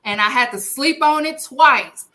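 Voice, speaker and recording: A woman's voice: high voice, a little slow, pushed and bright. A young woman hosting a podcast, announcing award winners in playful, casual chat. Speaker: podcast host.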